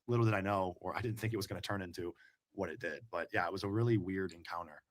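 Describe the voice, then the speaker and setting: A man's voice: deep voice, fast talker. A man as an interview guest, telling a personal story in a rambling way with many fillers and restarts.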